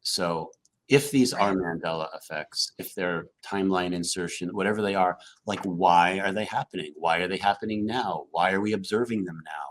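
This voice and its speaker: A man speaking on a casual panel chat, animated and full of questions. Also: low voice, moderate pace.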